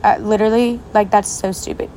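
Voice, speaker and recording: A woman's voice: medium pitch, steady tone, fairly quick, mellow, slight background noise. Chatty, swearing young woman telling a story. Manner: chatty, profane, speaking straight to viewers. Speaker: vlogger. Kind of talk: casual storytime vlog. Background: faint rain.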